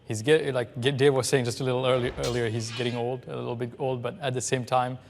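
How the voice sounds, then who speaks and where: A man who talks quickly while giving an earnest, considered opinion on a live panel. His voice sits at a middle pitch. A long hall reverb hangs on every word. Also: flat delivery, vocal fry, slight background noise. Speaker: game developer on a panel.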